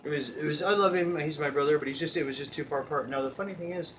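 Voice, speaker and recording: A man's voice: a little high, fast talker, hardly any pauses. Young guy cracking himself up telling a story, cussing a lot, kinda far off the mic. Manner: laughs constantly, swears, acts out screams. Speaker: storyteller guest. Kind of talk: casual comedic storytelling. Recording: distant mic with faint background noise.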